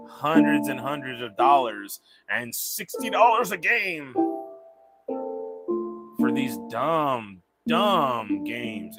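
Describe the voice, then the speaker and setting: A man hosting a livestream in casual chat, rambling and swearing freely. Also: mid-range voice. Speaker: livestream host.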